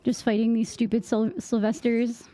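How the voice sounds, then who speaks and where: This gaming streamer is a young woman with a fairly high, warm voice, a level tone and a moderate pace. Her casual gameplay chat rambles and drifts, and she leans heavily on "like" as a filler.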